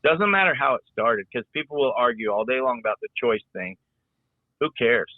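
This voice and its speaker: A man's voice: mid-range voice, lively intonation, normal speed, no room sound. A middle-aged man, a former rodeo rider and announcer, talking in a rambling, folksy way on a podcast, often repeating his words. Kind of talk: casual podcast conversation. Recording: tinny phone-like line.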